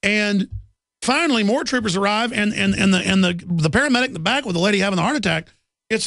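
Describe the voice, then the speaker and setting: A man hosts a live talk radio show, delivering an indignant rant through a heavily gravelly, fry-filled voice. He stumbles over himself, repeating and restarting words. The sound is dry and close. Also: sits high, lively intonation, quick pace, a bit bright, dry recording.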